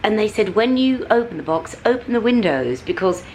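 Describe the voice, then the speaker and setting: A middle-aged British woman talking to camera in a casual vlog, ranting animatedly with big swings in pitch. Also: lively intonation, fairly quick, darkish tone, a little hiss or hum, poor audio. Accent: British English. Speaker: vlogger. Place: at home and out on a city street.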